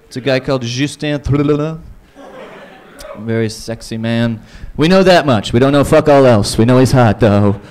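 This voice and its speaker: A man from Canada performs stand-up in a small comedy club. His voice sits at a middling pitch, and he rambles through crude bits. Now and then he breaks into silly put-on voices. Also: moderate pace, darkish tone, smooth. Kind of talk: live stand-up set.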